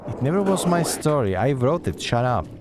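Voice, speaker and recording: A man's voice: medium pitch, sing-song, moderate pace, noisy background. A man streaming a horror game, chatty and sarcastic, talking back at the game as he plays. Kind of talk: gameplay commentary.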